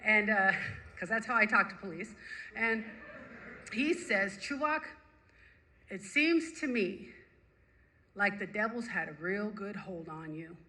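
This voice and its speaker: Woman, recovery-meeting speaker; vivid, repetitive, emphatic storytelling; very bright, cutting tone; mid pitch. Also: slow pace, long pauses, poor audio. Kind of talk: personal recovery story told to a group.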